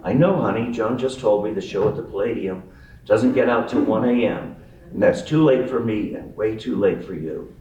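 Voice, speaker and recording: A man reading a mother who speaks gently but firmly to her boy, in his own low voice. The sound is roomy and distant. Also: moderate pace, muffled recording, slight background noise, lightly acted. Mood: calm.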